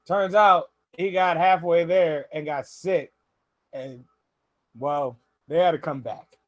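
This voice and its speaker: A young adult man hosting a podcast, telling stories in an animated way, laughing often and quoting people. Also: a little high, slow, no echo, muffled recording. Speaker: podcast host. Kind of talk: casual podcast storytelling.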